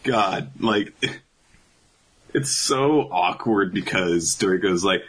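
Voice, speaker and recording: Husky low-voiced man recapping with jokes. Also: animated, takes it slowly, a bit bright, rough recording. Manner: joking, laughs often, swears. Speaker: podcast co-host. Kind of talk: casual comedic recap chat.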